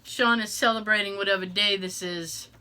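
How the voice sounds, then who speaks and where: Bright-voiced chatty woman podcast host. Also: medium pitch, steady tone, moderate pace. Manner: chatty and rambling, many fillers and restarts. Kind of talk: casual chat.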